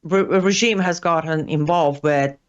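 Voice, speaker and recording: A woman's voice: low-pitched, measured pace, clear, resonant tone. A woman commenting as a guest on a talk show, hesitant, with many fillers and restarts. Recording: dull lo-fi audio.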